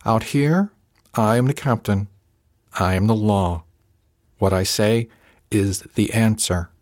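A man voicing a stern, controlling male starship captain who speaks in slow, measured, menacing tones. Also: fairly low pitch, a little mellow, dry recording, studio quality.

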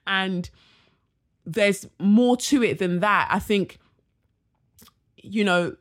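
A young woman from Nigeria talks through her solo podcast in a relaxed, chatty way. She drops slang and fillers as she goes, and her voice sits at a middle pitch. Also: very slow. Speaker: podcast host. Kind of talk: casual solo podcast chat.

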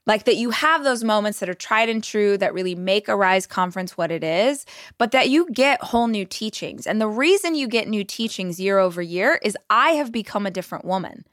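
A woman's voice: mid-range voice, lively intonation, brisk, fairly bright tone, no echo, studio quality. A woman hosting a motivational podcast, speaking earnestly and directly to her listeners. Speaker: podcast host.

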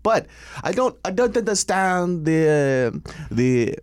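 Animated crude-joking man. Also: on the high side, slow pace, clear, resonant tone. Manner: crude, laughing banter. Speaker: podcast co-host. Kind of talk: casual comedic chat.

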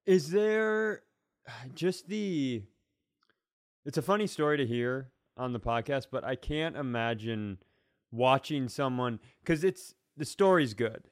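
A man of middling pitch teases his co-host on a comedy podcast, circling his questions with false starts. His voice sounds close and dry, with no room around it. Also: takes it slowly, dry recording. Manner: teasing, rambling questions with many restarts. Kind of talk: casual comedy podcast chat.

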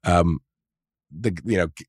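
A man's voice: low voice, measured pace, slightly rough, dry recording, clean studio sound. A man casually telling a long, profane story, full of fillers and restarts. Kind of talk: casual chat.

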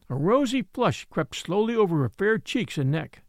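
Male audiobook narrator, expressive, slightly higher voice, dry booth sound. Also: normal speed, no room sound. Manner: expressive, animated reading. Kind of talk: scripted story narration.

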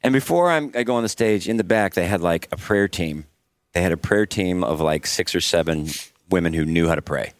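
A man's voice: deep voice, fairly quick, no room sound. A man hosting a casual podcast chat, telling a story and laughing often.

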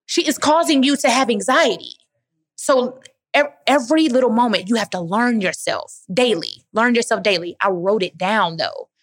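A woman's voice: a little high, moderate pace, dry recording. Emphatic motivational woman, dry sound. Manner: emphatic, motivational, calls listeners baby. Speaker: guest speaker answering audience questions. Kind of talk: live Q&A talk.

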